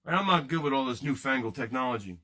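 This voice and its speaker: A man's voice: medium pitch, animated, quick pace, bright, forceful tone. A man hosting a card-breaking livestream, rambling and joking casually with his viewers in chat.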